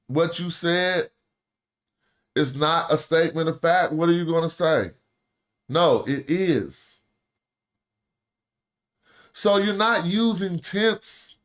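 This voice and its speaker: A man teaching ancient Egyptian grammar in a loose, slangy way, repeating himself and asking his listeners questions. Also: on the high side. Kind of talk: casual live lesson.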